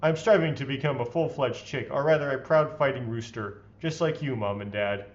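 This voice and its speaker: A man's voice: medium pitch, normal speed, dull audio. A man hosting a let's play, reading visual novel text aloud in a playfully theatrical way and adding his own comments.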